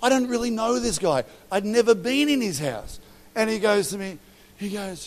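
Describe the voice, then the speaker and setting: A middle-aged man with an Australian accent preaching a sermon to leaders, animated and joking, acting out stories with quoted voices. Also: high voice, normal speed. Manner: animated, storytelling with acted quotes and humour. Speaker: pastor. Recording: long hall reverb.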